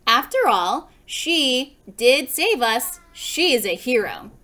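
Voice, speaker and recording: Pompous husband, read by a teacher: grand, formal, proud. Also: female voice, high voice, very animated, takes it slowly, pushed and bright, pitched above the performer's own voice, heavily acted.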